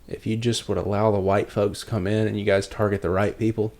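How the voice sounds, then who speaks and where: Mężczyzna wtrącający się ze śmiechem. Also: male voice, lowish voice, little pitch movement, normal speed, vocal fry, a little mellow. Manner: chimes in, laughs often. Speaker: podcast co-host. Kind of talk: casual chat.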